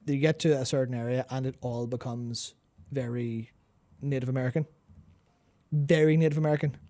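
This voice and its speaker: A man's voice: medium pitch, steady tone, a little fast, warm tone. A man co-hosting a casual gaming chat, rambling, repeating words while he hunts for terms, and swearing casually. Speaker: podcast co-host.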